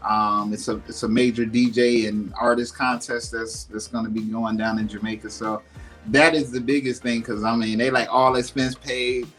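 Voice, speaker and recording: Relaxed man, mid-pitched, easygoing chat with faint music under him. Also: moderate pace. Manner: relaxed, loose, full of fillers like "you know what I mean". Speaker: music producer guest. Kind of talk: casual interview chat.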